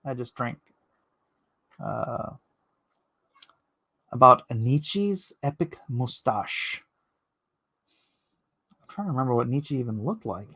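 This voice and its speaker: A man's voice: mid-range voice, fairly bright tone, dry recording. A man chatting casually with his viewers while he inks a drawing live, rambling and joking as he answers the chat. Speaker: artist streaming live while inking.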